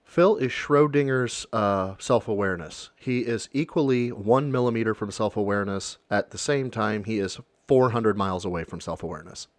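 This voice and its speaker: A man's voice: lowish voice, moderate pace, few pauses, no room sound. A man reacting to a video on his stream, making sarcastic and profane rambling asides. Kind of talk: casual reaction commentary.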